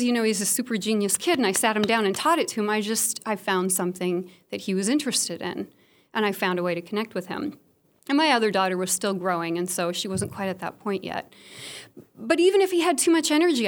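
A woman in her thirties shares a personal story with an audience in a frank, candid way. Her voice sits a little high, and her humor is self-deprecating as she talks plainly about her struggles. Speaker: speaker sharing a personal story.

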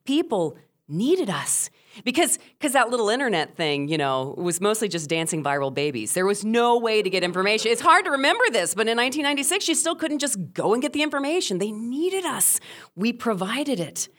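A middle-aged woman, a former radio host, telling a first-person story with animated, emphatic delivery. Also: fairly high pitch, fairly quick.

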